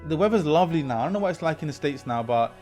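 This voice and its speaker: Fast-talking man telling stories. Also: a little high, faint music behind. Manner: animated anecdotes, quoting people with lively voice shifts. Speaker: teacher and podcast host. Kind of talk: casual storytelling in an interview.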